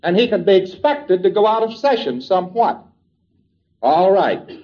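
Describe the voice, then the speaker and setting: A man giving a recorded lecture, explaining deliberately and step by step and quoting dialogue along the way, on a dull, lo-fi old tape recording. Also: high voice, sing-song.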